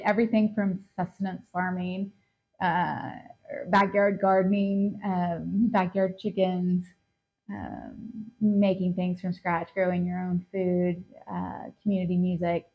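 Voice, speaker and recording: Kentucky woman with a faint appalachian accent, chatty interview guest, lots of ums, thinks out loud. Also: lowish voice, gravelly, lo-fi sound. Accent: light Appalachian. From eastern Kentucky. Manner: reflective, many ums and uhs. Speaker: guest fiddler. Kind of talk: casual interview conversation.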